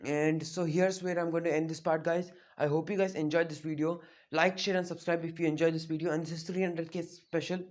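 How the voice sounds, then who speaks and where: A man's voice: on the high side, level tone, brisk, few pauses, darkish tone. A man casually retelling a fan-made story, rambling with many fillers and restarts. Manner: rambling, full of likes and restarts. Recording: roomy, dull lo-fi home recording.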